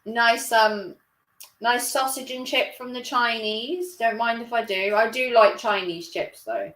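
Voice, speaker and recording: A woman's voice: fairly high pitch, unhurried, a bit bright. A woman chatting casually on a live stream, rambling and laughing often. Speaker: livestreamer. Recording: roomy echo.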